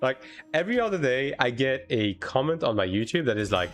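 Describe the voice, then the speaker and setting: French-accented male game streamer, lively. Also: mid-range voice, fairly quick, soft background music. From France. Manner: relaxed, swears casually, answers chat while playing. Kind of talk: casual live-stream chat.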